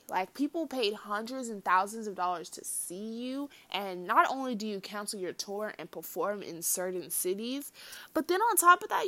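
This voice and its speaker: A woman's voice: a little high, a bit bright. A young woman vlogging in a chatty commentary style, with lots of fillers, speaking straight to her viewers. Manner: chatty, filler-heavy, addresses viewers as y'all. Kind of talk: casual commentary vlog.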